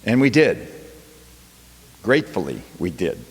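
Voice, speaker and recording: A man's voice: lowish voice, huge pitch swings, unhurried, slightly rough. A male professor giving a chapel talk, telling a classroom story with wry quoted asides. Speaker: guest speaker, professor. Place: college chapel. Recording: long hall reverb.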